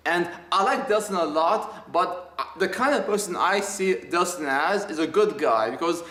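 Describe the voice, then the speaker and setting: A man's voice: high voice, lively intonation, normal speed, bright, forceful tone, reverberant. A man giving a casual spoken review of a video game, rambling and enthusiastic with many restarts.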